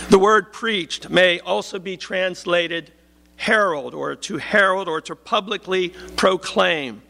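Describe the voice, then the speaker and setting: A man preaching a sermon in a measured, emphatic way, slowing down to stress key phrases. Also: high voice, vocal fry, bright, forceful tone.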